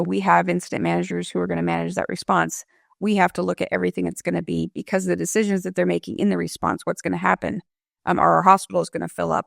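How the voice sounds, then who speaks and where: A woman emergency management director talks through her approach in a calm, explanatory manner. Her voice is strongly gravelly, full of vocal fry. The recording is dry and close, with no room echo. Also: on the low side. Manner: measured, explanatory, gives worked examples. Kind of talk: interview guest answer.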